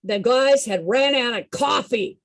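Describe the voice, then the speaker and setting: A woman telling a story to a group in an animated way, often asking her listeners questions. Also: a little high, a little slow. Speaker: storyteller and song leader.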